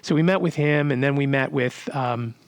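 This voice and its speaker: Male podcast host, mid pitch, chatty and halting, dry close-mic read. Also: no room sound. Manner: rambling, many fillers and restarts. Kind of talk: casual storytelling monologue.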